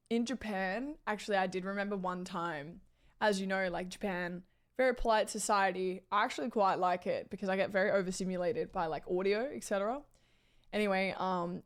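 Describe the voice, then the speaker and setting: A talkative woman with an Australian accent, livestreaming and chatting off the cuff. She wanders between thoughts, stacking "like" fillers and cutting herself off mid-word, in an easygoing tone at a middle pitch. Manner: chatty and rambling, with frequent "like" fillers and self-corrections. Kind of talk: casual chat.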